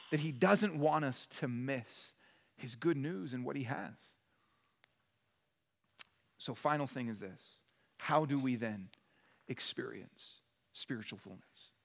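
A male pastor preaching a sermon with animated delivery, acting out the voices in his stories. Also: medium pitch, takes it slowly, creaky, long pauses. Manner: animated, acts out quoted voices in a story. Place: church sanctuary. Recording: long church hall reverb.

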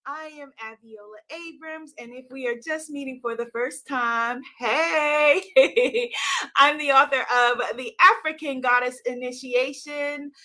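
A high-pitched, bright-voiced woman hosts a live stream, bubbly and enthusiastic. She greets her viewers by name and laughs often as she chats. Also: unhurried. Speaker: author and livestream host.

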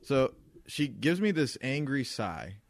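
A man in his thirties co-hosting a podcast, telling an animated, profane story about annoying customers. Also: mid-range voice, takes it slowly, vocal fry. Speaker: podcast co-host.

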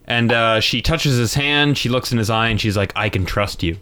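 A man's voice: mid-range voice, moderate pace, hardly any pauses, bright, forceful tone. A man co-hosting a podcast, recapping a movie in casual chat with lots of ums and uhs. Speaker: podcast co-host.

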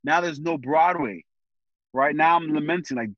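A man speaking as a guest in a casual conversation, animated and full of slang, often thinking aloud with fillers. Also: a little high, normal speed, no echo, lo-fi sound.

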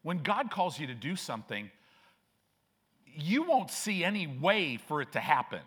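Man, pastor, sermon, slow deliberate delivery, forceful bright tone. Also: on the high side, sing-song, breathy edge. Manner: emphatic, repetitive preaching with frequent restarts.

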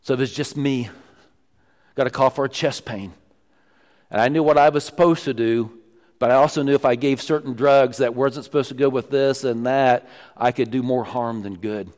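A man preaching a sermon as pastor, emphatic, often dropping to low, quiet lines for stress. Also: fairly even intonation, moderate pace. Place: church sanctuary. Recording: long church reverb.

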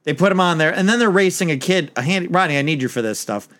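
A man's voice: fairly high pitch, animated, fast talker, a bit bright. A man hosting a film review podcast, loosely recapping a movie in casual chat, full of filler words. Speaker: podcast host.

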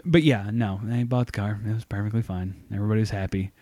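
A man's voice: on the low side, fairly even intonation, fast, warm tone, no room sound. Profane, laughing man telling stories. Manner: profane, laughing, self-mocking. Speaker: podcast co-host. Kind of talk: casual storytelling chat.

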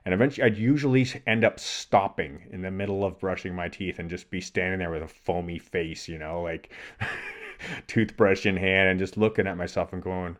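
A man's voice: deep voice, fairly quick. A middle-aged man, a podcast co-host, telling a thoughtful personal story and acting out the voices in his head. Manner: thoughtful, acts out inner voices while telling stories. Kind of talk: reflective conversational storytelling.

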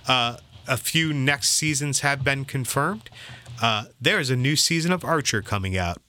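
A man's voice: mid-range voice, moderate pace, a little hiss or hum. A young man co-hosting a podcast in casual chat, telling stories animatedly and acting out quoted lines. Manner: animated storyteller, acts out quoted bits with laughter. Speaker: podcast co-host.

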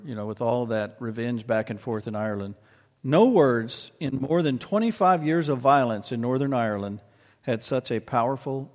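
A man preaching a sermon, telling a story and slowing down to press his points. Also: mid-range voice, long reverb tail. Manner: storytelling, slows and presses for emphasis. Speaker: pastor.

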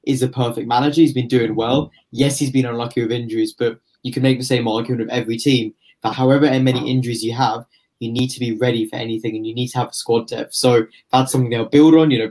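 A man's voice: medium pitch, steady tone, fast talker, darkish tone. A man talking through football analysis in a casual podcast discussion, confident and building his points at length. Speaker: football pundit.

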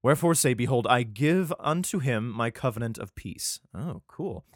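A man hosts a podcast and reads old scripture aloud. His pitch swings up and down with animated energy. He trips over the archaic words and keeps breaking in with crude, irreverent remarks, recorded dry with no room sound. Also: moderate pace, no echo. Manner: irreverent, profane asides, stumbles over words. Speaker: podcast host. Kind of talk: casual scripture reading with commentary.

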